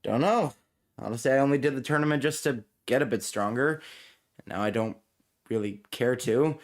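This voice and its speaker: A man's voice: mid-range voice, normal speed. A man playing a tabletop role-playing game, joking and laughing with the group, swearing casually. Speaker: player. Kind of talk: tabletop role-play banter.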